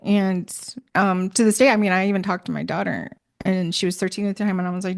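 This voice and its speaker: A woman's voice: mid-range voice, fairly quick, vocal fry. Middle-aged woman, casual storyteller, rambling with fillers, mid-range voice. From Minnesota. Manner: rambling, many fillers and restarts.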